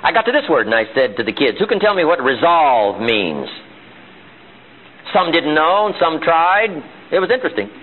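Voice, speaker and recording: A man's voice: a little high, big pitch swings, normal speed, a little hiss or hum. A man giving a live motivational seminar in a meeting room. He is emphatic and fires off rhetorical questions. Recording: tinny lo-fi archival seminar tape.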